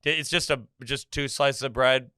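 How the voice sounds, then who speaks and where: A man's voice: mid-range voice, fairly even intonation, normal speed, bright, forceful tone, smooth, no room sound, clean studio sound. A young man co-hosting a comedy podcast, teasing and needling his co-host in casual banter. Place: podcast studio.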